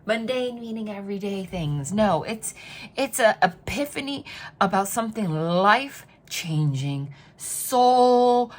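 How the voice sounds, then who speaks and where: A woman's voice: mid-range voice, animated, measured pace. A woman giving a tarot reading to her viewers, chatty and emphatic, repeating phrases again and again. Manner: chatty and spontaneous, talks straight to the viewer. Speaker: tarot reader.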